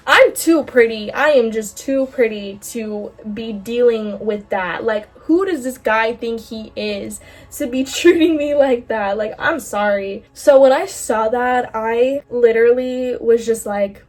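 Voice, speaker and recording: A woman's voice: fairly high pitch, steady tone, normal speed, distant mic. A young woman in her late teens telling a personal story in a candid, chatty way, full of fillers and casual swearing. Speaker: bracelet-making vlogger. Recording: voice a bit off-mic, faint music behind.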